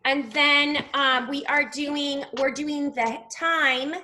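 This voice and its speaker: Slow, bright-voiced woman teaching young children. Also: sits high, steady tone. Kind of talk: online class lesson.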